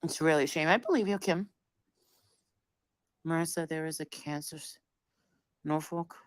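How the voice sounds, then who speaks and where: A woman's voice: low voice, normal speed, no room sound. A woman chatting casually on a livestream, rambling and swearing as she acts out her relatives' words.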